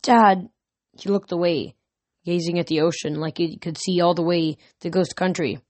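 A woman narrating an audiobook in a steady, earnest storytelling manner, recorded close. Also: lowish voice, normal speed, no echo.

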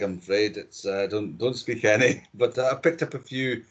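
A man's voice: mid-range voice, moderate pace, hardly any pauses. A middle-aged man with a Scottish accent, chatting casually as a podcast guest, opinionated and prone to repeating himself. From Scotland.

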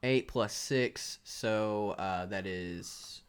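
A man's voice: lowish voice, extremely slow, smooth. A man playing a tabletop game, casual and swearing, telling his moves and rolls. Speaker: player.

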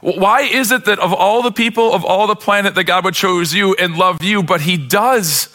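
A man's voice: high voice, moderate pace, sharp tone. A man pastor preaching a sermon with impassioned delivery, sometimes acting out the characters in the story.

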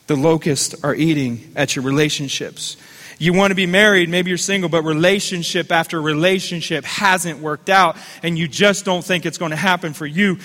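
Preaching with fervent call-and-response, a pastor asks his congregation to echo his phrases back to him. He speaks at a moderate pace in a fairly high, sharp voice with big-room sound.

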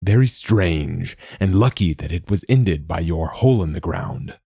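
A man voicing an ancient, secretive machine god in a storybook reading, with a rasping, slow and measured delivery. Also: sits low, animated, warm tone, dry recording, studio quality, full character voice. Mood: solemn. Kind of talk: audiobook narration.

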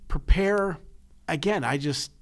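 A man's voice: on the high side, takes it slowly. A man who coaches, talking in a casual chat and telling stories with emotion, often repeating words as he starts over. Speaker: coach and podcast co-host.

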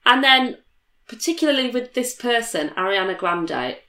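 A woman's voice: fairly high pitch, moderate pace. Chatty young British woman, roomy sound. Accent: British English. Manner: chatty, animated storytelling with many fillers. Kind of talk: casual chat. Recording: roomy echo.

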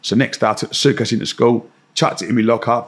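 Young man, animated storyteller who does the voices, mid-range pitch. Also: fast, slightly rough. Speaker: guest. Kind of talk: anecdotal storytelling.

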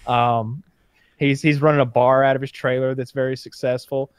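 A man chatting casually on a podcast, recounting TV episodes with animated, excited storytelling. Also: moderate pace, clear, resonant tone, no echo. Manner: animated storytelling, rising in pitch when excited. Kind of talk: casual chat.

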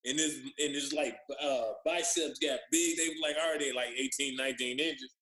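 A man telling lively stories from his playing days in casual chat, acting out what others said. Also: medium pitch, normal speed, hardly any pauses, reverberant, rough recording. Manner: animated storyteller, acts out others' lines. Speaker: former pro basketball player guest. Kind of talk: casual storytelling on a podcast.

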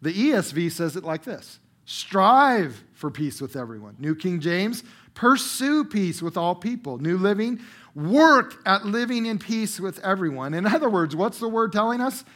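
A middle-aged pastor with a high, light voice preaches to his congregation in a church room. He punches key words loudly, then drops to near-hushed, slow phrases. His delivery is emphatic and conversational by turns. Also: big pitch swings. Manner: emphatic preacher, strong swings from loud bursts to quiet drawn-out phrases. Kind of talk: sermon.

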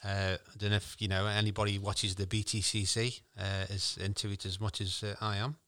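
A man's voice: fairly low pitch, level tone, a little fast, fairly bright tone. A man with a jokey, enthusiastic manner, chatting casually as a co-host and laughing often. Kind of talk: casual chat.

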